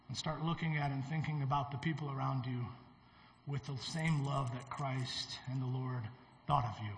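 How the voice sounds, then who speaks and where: Bright, earnest pastor in a reverberant church. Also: male voice, fairly high pitch. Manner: earnest, exhorting, halting restarts. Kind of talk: sermon and communion service. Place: church sanctuary.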